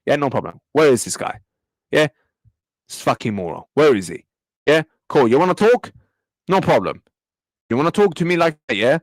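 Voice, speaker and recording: A man's voice: a little high, big pitch swings, normal speed, long pauses, no echo, studio quality. Angry young man ranting. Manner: angry, repetitive, swearing, talks back to chat. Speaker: football reaction streamer. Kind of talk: live match reaction rant.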